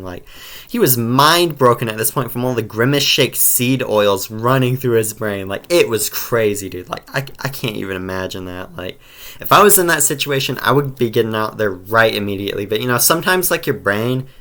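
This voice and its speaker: Male storytime narrator, mid pitch, loose and slangy, heavy on filler. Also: pushed and bright. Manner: rambling slangy delivery full of "like" and "bro". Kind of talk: casual storytime narration over gameplay.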